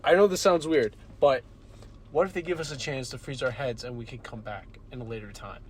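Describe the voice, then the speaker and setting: A young man in his early twenties rambles through big ideas on a casual podcast. His pitch sits in an ordinary middle range. Faint room ambience hums underneath. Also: brisk, slight background noise. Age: young adult. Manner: rambling, excitable, speculative. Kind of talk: casual chat.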